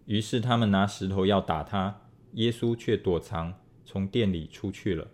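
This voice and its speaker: Reading scripture aloud, a man keeps to a steady, measured pace. His voice is on the lower side.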